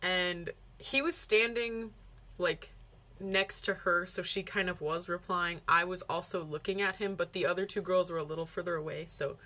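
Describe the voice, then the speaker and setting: A woman's voice: fairly low pitch, moderate pace, sharp tone. A young woman talks straight to her viewers in a loose, chatty way. She leans on "like" and slips into little acted-out quotes as she tells her story. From United States. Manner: chatty, heavy use of "like", acts out quoted lines. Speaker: vlogger. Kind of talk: casual storytelling vlog.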